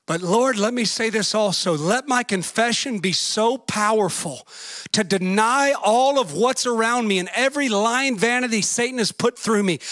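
Male preacher, very high, bright voice, fervent sermon delivery with shouted peaks and folksy storytelling. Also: dry recording. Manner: fervent, rising to shouts and singsong.

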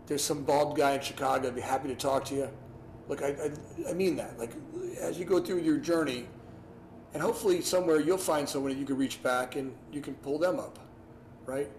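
A man giving casual advice to a class over a video call, animated and repetitive, often acting out his own past thoughts. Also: a little high. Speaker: guest speaker. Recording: echoey room, faint noise.

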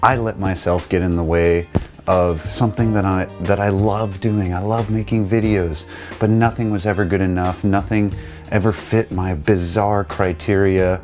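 Male vlog host, low voice, candid and earnest, garage setting, clip-on mic. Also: steady tone, normal speed, darkish tone, soft background music. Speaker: channel host. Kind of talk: casual vlog talk. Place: his garage. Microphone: wireless lapel mic.

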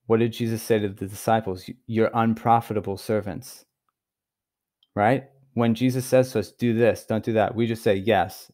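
Male preacher, lower voice, emphatic and sincere teaching delivery. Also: dark tone. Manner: earnest, emphatic, stresses key words with pauses. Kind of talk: recorded Bible teaching.

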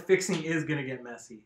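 A man's voice: mid-range voice, vocal fry. A man hosting a casual live stream, chatting and laughing with viewers while he works on a bike tire. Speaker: mountain bike video host. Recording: echoey room.

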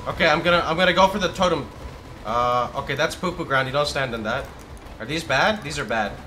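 A man streams a game and talks his way through it, yelling out moves and swearing as things happen. His voice sits a little high and sounds bright and forceful. A studio condenser mic keeps it close and clear. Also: brisk, a little hiss or hum. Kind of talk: live gameplay commentary. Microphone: studio condenser microphone.

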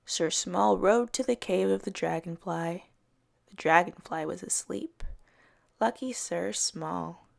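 A woman reads picture books aloud to young children at a slow, unhurried pace. Her voice sits a little low and carries a heavy gravelly fry. She gives the characters gentle, expressive voices. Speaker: early years educator. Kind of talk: children's story time reading.

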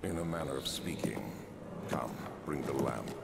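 An actor playing an ancient, calm and commanding nobleman in a video game, with a deep gravelly voice. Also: unhurried, heavy background noise, exaggerated voice. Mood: calm, secretive. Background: loud game music.

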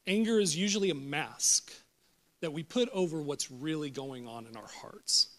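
A young adult man preaching a sermon in a church, jokey and animated, getting loud when riled up. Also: on the high side, moderate pace. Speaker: pastor. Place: church auditorium.

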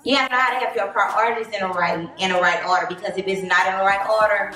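A woman's voice: mid-range voice, fast talker, sharp tone, soft background music. A woman in her late twenties with a Southern US accent, talking bluntly and preachily straight to her viewers in a casual monologue. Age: 20s. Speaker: vlogger. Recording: very echoey room, distant mic, faint noise.

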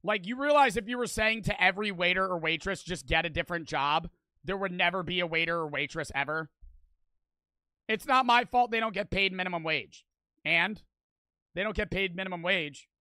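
Teen male streamer, high bright voice, dry close sound, argues hotly and swears a lot. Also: brisk, no echo. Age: teens. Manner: heated, profane, full of "like" fillers. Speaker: streamer reacting to a video. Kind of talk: casual reaction commentary.

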